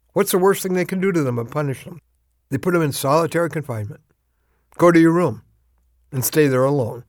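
A man giving a short radio devotional, earnest and emphatic, with dramatic pauses. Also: a little high, no echo, clean studio sound. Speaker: radio preacher.

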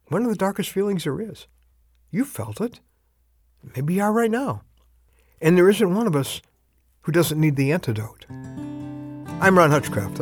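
A man giving a short radio devotional, earnest and emphatic, with dramatic pauses. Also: fairly high pitch, husky, dry recording, studio quality. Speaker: radio preacher.

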